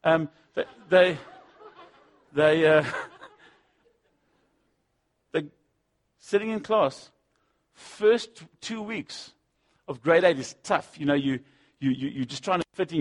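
A man preaching a sermon, swinging between loud punchy lines and low asides, acting out the voices he quotes. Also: slow pace, pauses often. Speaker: pastor.

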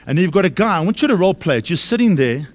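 Male pastor, slightly raised pitch, emphatic sermon delivery with repeated lines and rhetorical questions. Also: very animated, rapid-fire. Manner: emphatic, repeats key phrases and asks the congregation questions. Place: church service.

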